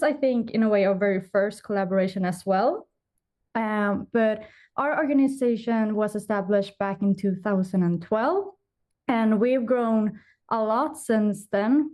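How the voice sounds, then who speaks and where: Young swedish woman presenting from her office over a call, soft mellow tone, lots of ums. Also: mid-range voice. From Sweden. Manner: explanatory, with frequent "um" pauses. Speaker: vice chair of a youth astronomy association. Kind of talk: conference presentation. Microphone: remote call from an office.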